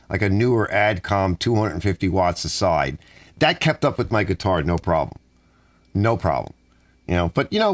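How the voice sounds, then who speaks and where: Middle-aged male vlogger, lively pitch, wandering anecdotes full of restarts. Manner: meandering, acts out dialogue, frequent restarts. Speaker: channel host. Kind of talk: rambling personal storytelling.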